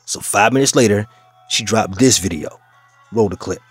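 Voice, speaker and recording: Man, reaction host, low voice, mocking commentary, faint music behind. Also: normal speed, slightly rough. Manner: mocking, addresses listeners as "fellas".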